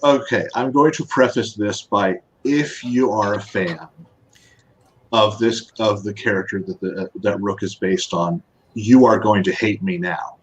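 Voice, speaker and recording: A man as a guest artist in a casual podcast chat, talking in a relaxed, explanatory way. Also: fairly low pitch, a little slow, low-quality recording.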